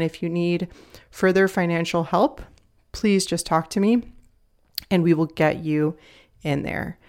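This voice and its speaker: A woman in her thirties talks through a casual solo podcast episode from home. Her voice sits low and carries a gravelly edge. She speaks earnestly and confidingly, as if addressing each listener directly. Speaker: podcast host and nutrition coach.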